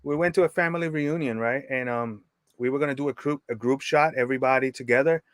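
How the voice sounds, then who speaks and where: A man's voice: medium pitch, fast, fairly bright tone, dry recording. A man from New York, a wrestling photographer, talking easily as a podcast guest. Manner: easygoing, rambling with fillers. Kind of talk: casual interview chat.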